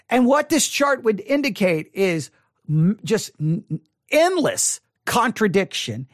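Hoarse, exasperated Bible study podcaster. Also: mid-range voice, no echo, studio quality. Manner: exasperated, rambling with many restarts. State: hoarse, losing voice. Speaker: podcast host reviewing a sermon.

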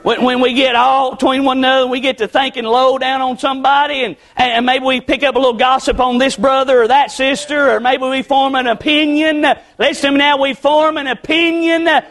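A middle-aged man preaching a sermon, swinging between shouts and hushed pleading. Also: extremely high pitch, little pitch movement, a little fast, few pauses.

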